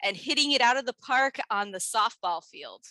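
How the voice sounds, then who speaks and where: A woman's voice: fairly high pitch, expressive, normal speed, bright, forceful tone, dry recording. A woman hosting an event, introducing a speaker in a friendly, casual way with small joking asides.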